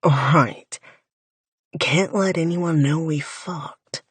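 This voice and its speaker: A woman narrator voicing a cocky, teasing young man with a lazy drawl, lowering her voice slightly for him. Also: extremely slow, slightly rough, no echo, exaggerated voice.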